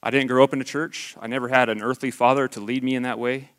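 A man's voice: medium pitch, flat delivery, fast, a bit bright, clean tone. Guy in his 40s sharing a testimony at church, mid voice, earnest and real, chatty. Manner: earnest, candid, conversational. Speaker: lay church speaker. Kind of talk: personal testimony sermon.

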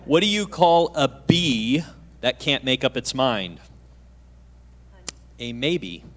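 Unhurried and expressive, a guest pastor in his thirties speaks in a medium-pitched, somewhat bright voice, with a little hiss or hum in the audio. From the church stage he shares a personal story with jokes, chatting self-deprecatingly and asking the congregation questions.

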